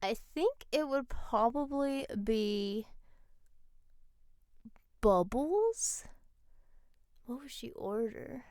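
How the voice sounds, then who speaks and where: A woman, a voice actor, answering interview questions in a thoughtful, soft-spoken way. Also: a little high, expressive, drawn-out words, pauses often, no room sound, clean studio sound.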